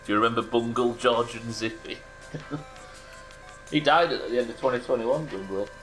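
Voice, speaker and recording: A British man streams a driving game and casually bants with chat, cracking dry jokes along the way. His mid-range voice is a bit bright and unhurried, with faint music in the background.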